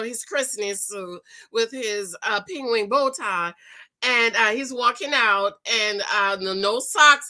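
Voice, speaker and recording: A woman recapping a reality show in animated, slangy gossip, acting out what people said. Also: fairly high pitch. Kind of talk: casual gossip chat.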